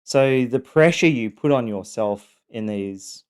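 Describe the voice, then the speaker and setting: A man's voice: mid-range voice, unhurried, clear, resonant tone. A middle-aged man candidly telling his own story, frank, casually swearing, with wry laughter.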